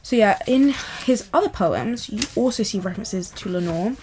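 A woman's voice: mid-range voice, expressive, normal speed, a little mellow. A woman vlogger in a casual, enthusiastic and rambling chat about poetry.

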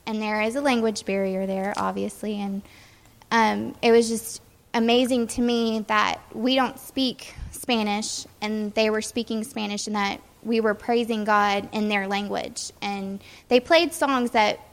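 A woman's voice: mid-range voice, steady tone, a little slow, vocal fry. A young woman giving a hesitant church talk about her mission trip, with many ums. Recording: echoey hall.

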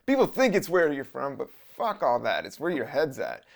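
A man's voice: mid-range voice, huge pitch swings, normal speed, vocal fry. A man from Southern Virginia hosting a podcast, rambling casually in a laid-back, profane monologue. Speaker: podcast host.

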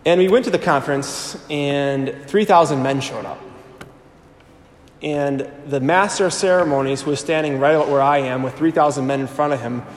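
A priest in his thirties telling his personal testimony to a live audience. He tells it with animated storytelling and acts out the voices he quotes. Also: on the high side, normal speed, slight background noise. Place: large hall before an audience. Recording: echoey hall with long reverb.

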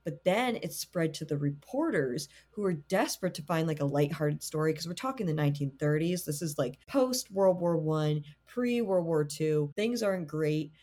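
A woman's voice: low voice, lively intonation, moderate pace, hardly any pauses, warm tone. A woman co-hosting a podcast who retells a spooky story in a chatty, casual way, dropping lots of "like" fillers. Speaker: podcast co-host.

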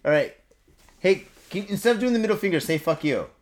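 A man's voice: sits high, expressive, quick pace. Drunk guy hosting a podcast, swears nonstop, voice jumps all over the place. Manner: profane, rambling, laughing at his own jokes, tipsy. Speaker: podcast host. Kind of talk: casual podcast chat reading news stories.

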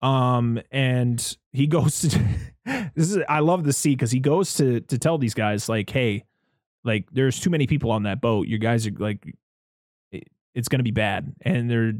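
A man talks through a film in casual chat, restarting his thoughts and laughing as he goes. His voice sits at a middle pitch. The sound is dry and close. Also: a little slow, a little mellow, dry recording. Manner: rambling, self-interrupting, laughs often, acts out quotes. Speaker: podcast co-host.

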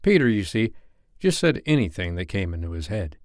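A man reading a classic children's novel aloud as a bedtime story, in an expressive, lively manner. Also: on the low side, a little fast, dry recording, clean studio sound.

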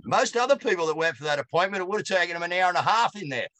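A blunt Australian man spins an animated story in broad, colloquial speech. His voice is bright and forceful, and it sounds close and dry, with no room around it. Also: high-pitched, rapid-fire, dry recording. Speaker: guest. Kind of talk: casual storytelling.

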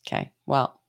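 A man's voice: a little high, dark tone, no echo. A man co-hosting a podcast in casual chat, easygoing and agreeable. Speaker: podcast co-host.

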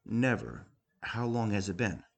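A man voicing a falsely cheerful male doctor who talks in a bright, sing-song way. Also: on the low side, very animated, a little slow, creaky, heavily acted. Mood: chirpy.

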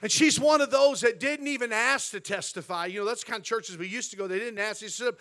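An American pastor preaching in his church, a man whose voice sits very high and carries a gravelly edge. His tone is bright and forceful. He moves from quiet storytelling to full, shouted preaching. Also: quick pace, a faint crowd. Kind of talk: sermon. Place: church sanctuary.

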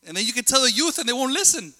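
A man preaching a sermon in a chatty, animated way, telling family stories and jumping between thoughts. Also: very high-pitched, very fast, big-room sound.

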